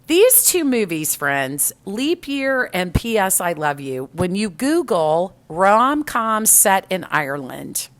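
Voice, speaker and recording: A woman's voice: medium pitch, very animated, slow, hardly any pauses. A middle-aged woman chatting on a podcast, her voice leaping up and down as she tells a story. She laughs easily and talks with bubbly animation. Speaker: podcast co-host. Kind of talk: casual chat.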